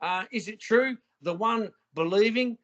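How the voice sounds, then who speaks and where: A man's voice: high voice, unhurried, a bit bright, lo-fi sound. A man arguing heatedly on a call, swearing constantly and throwing questions back at the other speaker. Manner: profane, combative, repeats questions back. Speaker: call participant.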